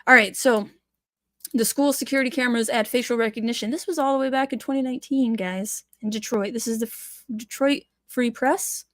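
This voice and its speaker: A woman's voice: a little high, fairly quick, no echo, studio quality. A woman hosting a casual news commentary show from home, reading articles aloud and breaking into passionate, sarcastic rants. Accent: Michigan. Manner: passionate, ranting, sarcastic asides.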